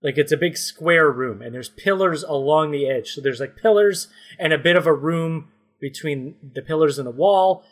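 A man from Canada narrating a comedic story game as game master, laying out scenes slowly with mock suspense. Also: fairly high pitch.

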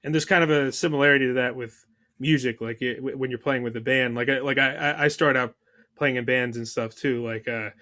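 Male interviewer, even monotone delivery, loose casual questions. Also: mid-range voice, fairly quick. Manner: casual, many fillers like "like". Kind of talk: conversational interview.

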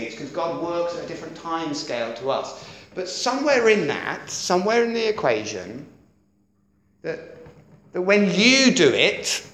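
A middle-aged man preaching a sermon in a lively, conversational way, often checking that his listeners follow. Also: on the high side. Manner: lively, conversational, keeps asking "does that make sense?". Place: church hall. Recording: echoey church hall.

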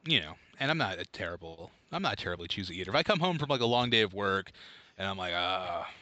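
Lively, bright-voiced man, dry close sound. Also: on the low side, quick pace, no echo. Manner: playful, puts on silly voices and repeats words. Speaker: podcast co-host. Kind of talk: casual chat.

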